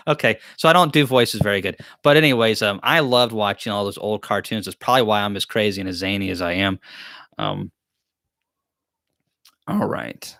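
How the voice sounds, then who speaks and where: A man's voice: on the low side, expressive, normal speed, bright, forceful tone, no room sound, studio quality. A man hosts a live-stream Q&A, reading chat questions aloud and answering them in a joking, rambling, self-deprecating way. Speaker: beekeeping channel host.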